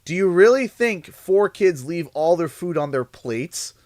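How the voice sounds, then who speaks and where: Animated man, lively storytelling. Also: sits high, a little slow, dry recording, studio quality. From Canada. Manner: laughs at his own jokes. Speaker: streamer. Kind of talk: casual livestream chat.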